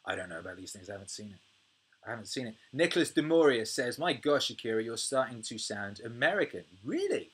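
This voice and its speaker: British male streamer in his thirties, casual, profane, animated ranting. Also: mid-range voice, quick pace, slightly rough. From United Kingdom. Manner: swears freely, animated rants, laughs often. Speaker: music producer and livestream host. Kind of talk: casual livestream chat reading viewer comments.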